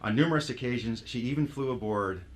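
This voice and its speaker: A man's voice: medium pitch, fast talker. Joking man hosting a live stage show. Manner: joking, teasing, emotional. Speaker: host. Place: theater stage with a live audience.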